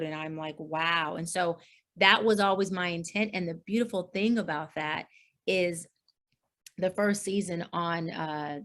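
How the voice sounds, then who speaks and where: A middle-aged woman speaking as a life coach in an interview, earnest and expressive, with many fillers and restarts, and she acts out other people's words in lively voices. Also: lowish voice, measured pace. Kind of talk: interview, personal storytelling.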